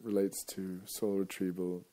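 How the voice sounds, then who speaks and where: A man's voice: sits low, level tone, measured pace, mellow. A male radio host talking in a casual, rambling monologue, wandering off topic and chuckling often.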